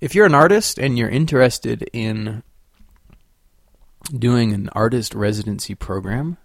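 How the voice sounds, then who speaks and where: A young man from Sacramento hosting a solo podcast, rambling and profane, swinging between quiet musing and loud ranting. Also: mid-range voice, a little slow, creaky, no room sound, clean studio sound. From Sacramento, California. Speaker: podcast host.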